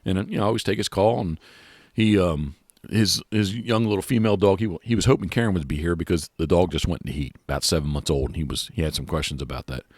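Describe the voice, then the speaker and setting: Male podcast host, very low voice, dry close sound, loose rambling chat. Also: quick pace, dry recording. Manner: rambling, many restarts and fillers. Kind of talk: casual chat.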